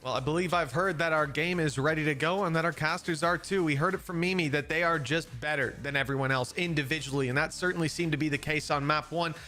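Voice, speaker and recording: A man hosting an esports broadcast desk, leading segments smoothly and handing over to the casters. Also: on the high side, quick pace, hardly any pauses, bright, forceful tone, soft background music. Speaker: studio host.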